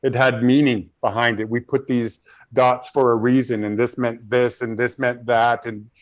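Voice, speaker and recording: A man's voice: medium pitch, little pitch movement, moderate pace, highs cut off. A middle-aged man, an actor, talking thoughtfully in a panel interview, telling stories with frequent restarts.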